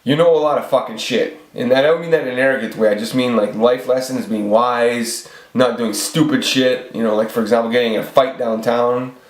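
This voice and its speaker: Man in his forties, vlog host, rambling, profane, middle pitch, roomy echo. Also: fairly even intonation, a little fast, few pauses. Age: 40s. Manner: rambling, profane, many restarts. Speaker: channel host. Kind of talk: off-the-cuff ranting vlog. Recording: echoey room.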